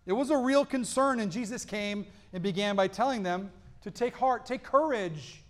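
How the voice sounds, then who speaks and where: A man preaching a sermon as pastor, reading scripture and explaining it earnestly, rising to emphatic peaks and dropping to quiet lows. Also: moderate pace. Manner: reads scripture aloud, then explains it.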